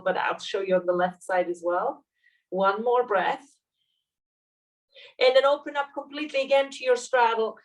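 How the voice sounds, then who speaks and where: A woman leading a yoga class, calmly cueing poses and breaths step by step. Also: medium pitch, far from the mic, poor audio. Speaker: yoga teacher. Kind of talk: guided yoga class instruction.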